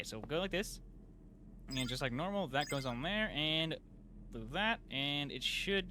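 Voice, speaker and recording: A man giving casual gameplay commentary, excitable and self-mocking, with lots of fillers and sudden yelps. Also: fairly high pitch. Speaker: gameplay youtuber. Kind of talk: casual let's play commentary.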